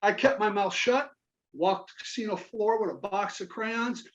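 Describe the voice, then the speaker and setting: A man's voice: high voice, normal speed, dull audio, a little hiss or hum. A man in his forties from Kentucky with a Southern accent, a Navy veteran doing a stand-up comedy set with dry, self-mocking punchlines. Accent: Southern American.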